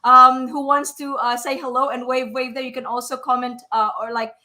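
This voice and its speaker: Woman in her thirties, effusive live-show host, bright and pushing, on the high side. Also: flat delivery, brisk. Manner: effusive and emotional, many fillers. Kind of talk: live online show hosting.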